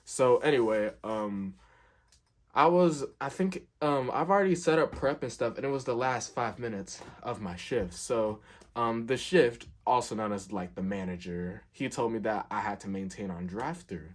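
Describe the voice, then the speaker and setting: Chatty young man telling a story. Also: moderate pace. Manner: chatty and animated, acting out quotes with lively pitch jumps. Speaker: storyteller, fast food worker. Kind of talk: casual storytime vlog.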